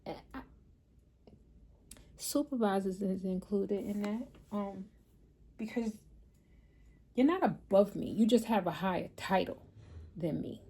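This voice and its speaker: A woman. She chats candidly to her viewers and tells stories from her day. Her voice is warm, relaxed and a little breathy. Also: mid-range voice, a little slow, long pauses. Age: 50s. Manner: candid, storytelling, talks straight to viewers. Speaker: vlogger and mother. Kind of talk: casual chat to camera.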